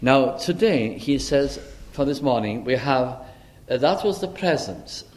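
A man preaching an expository sermon in a measured, earnest way, often pausing with "uh" as he works through a passage. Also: mid-range voice, animated.

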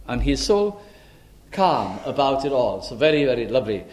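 A man works through a passage in an expository sermon, measured and earnest, frequently pausing with "uh." His voice is mid-range and darkish, with a sing-song quality.

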